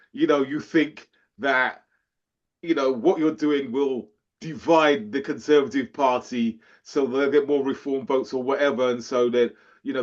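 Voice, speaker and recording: A man co-hosting a podcast, chatting casually and animatedly, laughing and acting out quotes. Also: medium pitch. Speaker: podcast co-host. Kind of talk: casual chat. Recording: dull lo-fi sound.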